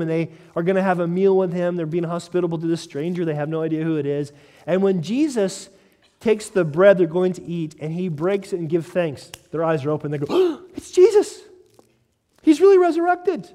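Male pastor, animated sermon delivery with acted quotes; mellow tone, long hall reverb. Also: high voice. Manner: animated preaching, acting out quotes, laughs.

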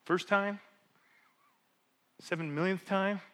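Male pastor, high bright forceful voice, animated sermon delivery with rhetorical questions and sudden quiet drops. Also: slow. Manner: swings between loud emphasis and hushed drops. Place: church.

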